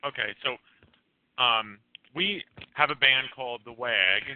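A man's voice: mid-range voice, unhurried. A man, a band member co-hosting a casual podcast, explaining things at length in an easygoing way. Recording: tinny phone-line call-in audio.

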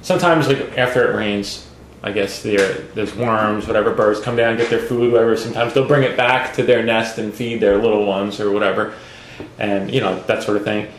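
A man's voice: lowish voice, steady tone, fairly quick. A man hosting a casual podcast, rambling through a story with many fillers and restarts. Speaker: podcast host. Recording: roomy echo, faint noise.

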